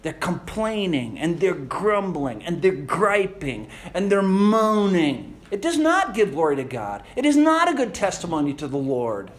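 A male pastor preaching a sermon, asking rhetorical questions and telling stories in an animated way. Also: sits high, a little slow, hardly any pauses.

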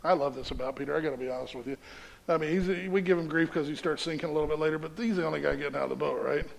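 High, gravelly-voiced man preaching. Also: very fast. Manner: reads scripture aloud and explains it conversationally, often asking "right?". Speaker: pastor. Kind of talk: sermon.

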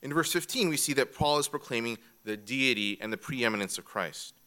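A man's voice: mid-range voice, expressive, fairly quick, bright, forceful tone. A man teaching a church class from an outline, methodical and repeating each key point. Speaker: Bible teacher.

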